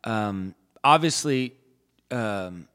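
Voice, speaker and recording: A man's voice: fairly low pitch, lively intonation, extremely slow, fairly bright tone. A man co-hosting a podcast, chatting casually and rambling with many fillers and restarts. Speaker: podcast co-host. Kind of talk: casual chat.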